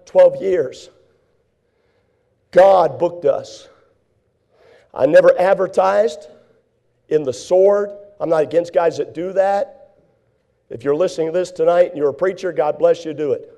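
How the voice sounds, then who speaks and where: A man's voice: fairly high pitch, creaky, dark tone. A man preaching a folksy sermon, acting out little scenes for his listeners. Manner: folksy preaching with acted-out asides. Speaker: pastor.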